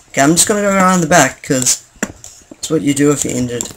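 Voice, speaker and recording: Excitable young man stammering through gameplay. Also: a little high, a little fast, a little hiss or hum. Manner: excitable, stammering, jokingly indignant. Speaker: gaming channel host. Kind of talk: gameplay commentary.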